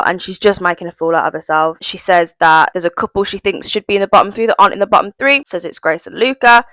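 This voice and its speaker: A woman's voice: mid-range voice, no room sound. A young British woman recapping a reality show in a casual, opinionated way, swearing freely. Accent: British English. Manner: blunt, swears freely, animated and gossipy.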